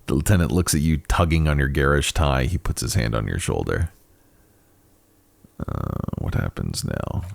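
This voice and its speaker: Reading all the characters of a game with changing voices, a let's play host muses between the lines as he plays. His voice is rumbling and low with vocal fry and a sing-song lilt, at a normal speed, with no echo.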